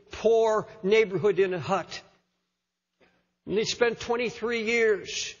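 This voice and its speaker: A man's voice: high-pitched, slightly rough. An older man preaching an impassioned sermon, often repeating words as he presses his point. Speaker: pastor. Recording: lo-fi sermon recording in a hall.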